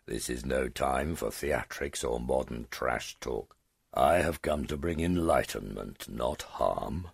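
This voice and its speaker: A man voicing an ancient, condescending male dragon in an audiobook, with a deep growling voice and a slow, superior manner. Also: vocal fry, slightly rough, no room sound, studio quality, heavily acted. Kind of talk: audiobook character voice.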